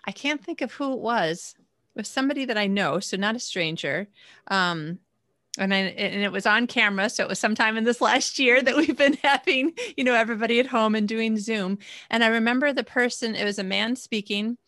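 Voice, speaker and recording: A woman hosting a podcast tells a story in a chatty, animated way. Her voice is bright and clear, recorded close and dry. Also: fairly high pitch, a little fast, no room sound. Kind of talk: casual podcast conversation.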